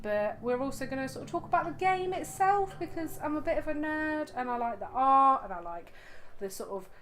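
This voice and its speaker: A woman's voice: high-pitched, expressive, brisk, a bit bright. A woman co-hosting a gaming video, chatting casually while she plays, giggling often and swearing in passing. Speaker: co-host and game player.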